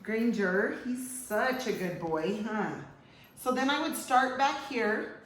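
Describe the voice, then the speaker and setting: A woman's voice: fairly high pitch, takes it slowly, fairly bright tone. A woman hairstylist giving a casual haircut tutorial, chatting and cooing in baby talk to a toddler as she works. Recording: roomy room echo.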